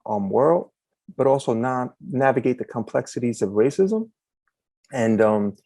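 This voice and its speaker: A man's voice: mid-range voice, dry recording. A man being interviewed as an author, telling stories in casual chat and acting out quotes on a video call. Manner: animated storyteller, acts out quotes. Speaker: author guest.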